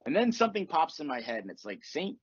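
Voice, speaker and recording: A man hosting a podcast, telling a story in casual chat, animated and swearing as he acts out what people said. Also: on the high side, fast, breathy edge, highs cut off. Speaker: podcast host.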